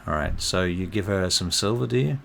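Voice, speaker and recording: Hesitant game master, room noise. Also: male voice, low voice, a little fast, creaky, a bit bright. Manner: hesitant, full of ums, chatty. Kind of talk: narrating a tabletop game.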